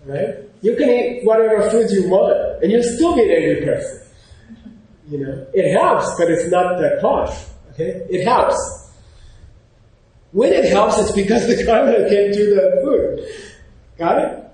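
A man giving an informal, animated lecture, often pausing to check in with his class. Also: sits high. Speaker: teacher. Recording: very echoey room.

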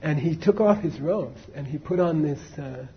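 Male teacher, husky, chatty storyteller with asides, dull recording. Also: fairly high pitch, moderate pace. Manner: conversational, many fillers and asides to the audience. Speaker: Buddhist teacher. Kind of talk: casual dharma talk, storytelling.

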